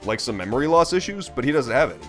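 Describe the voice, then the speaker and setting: A young male streamer rambles and swears his way through a game, amused. His pitch bounces around a lot, and soft game music sits underneath. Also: big pitch swings, rapid-fire. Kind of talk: casual gameplay commentary. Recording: faint game music behind.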